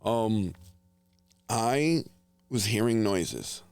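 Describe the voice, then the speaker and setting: A middle-aged man from New Jersey hosting a casual family chat, telling hunting stories in an animated way with gasps and laughter. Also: lowish voice, moderate pace, vocal fry, no echo. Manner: animated, laughing storyteller with gasps and whispered asides. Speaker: podcast host, father.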